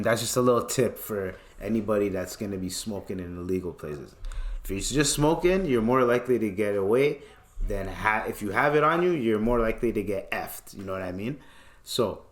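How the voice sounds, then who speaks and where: A man's voice: lowish voice, lively intonation, fairly quick. A young man, hosting a podcast and telling a loose, profane story while acting out the voices of the people in it. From Canada. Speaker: podcast host. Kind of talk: casual storytelling. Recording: roomy echo.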